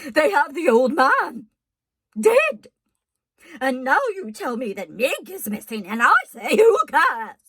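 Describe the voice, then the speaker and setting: A woman's voice: high-pitched, big pitch swings, slow, fairly bright tone, voice pushed up, exaggerated voice. A woman voicing a blunt, uncaring female castle keeper who speaks in a harsh, dismissive way. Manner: harsh, dismissive, plain-spoken.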